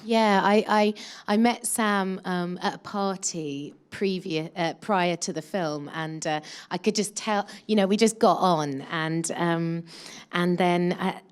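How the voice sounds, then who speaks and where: A woman's voice: fairly low pitch, slow, clean tone. A woman in her thirties, an actress chatting casually in a press interview, with many fillers and restarts.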